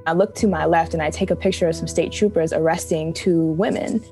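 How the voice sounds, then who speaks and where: A woman with a lowish voice speaks candidly, her emotion close to the surface and tears not far off. She laughs softly through the hard parts, with faint music under her. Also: steady tone, a little fast. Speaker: photojournalist. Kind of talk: personal storytelling interview.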